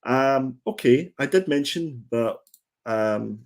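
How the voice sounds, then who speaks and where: A man's voice: mid-range voice, lively intonation, slow pace. A man co-hosting a comics livestream with a mid-range voice. He chats in a casual, rambling style and jokes with his co-host as he goes. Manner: chatty, rambling, joking, with frequent fillers and restarts.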